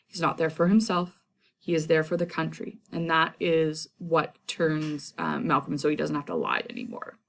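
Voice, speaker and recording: Chatty woman teacher, lowish voice. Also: lively intonation, moderate pace, creaky. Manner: chatty, many fillers and casual asides. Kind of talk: casual lesson summarizing a play.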